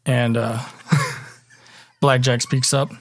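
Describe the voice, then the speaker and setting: A man narrating a tabletop game as dungeon master, relaxed, with fillers. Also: medium pitch, very slow, no room sound, studio quality.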